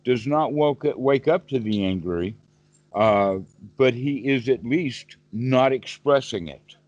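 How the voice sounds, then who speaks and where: Calm man teaching over a muffled call. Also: medium pitch, slow, no room sound. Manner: calm, explanatory, repeats words while thinking. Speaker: Buddhist teacher. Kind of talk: dharma talk on a group call. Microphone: video call.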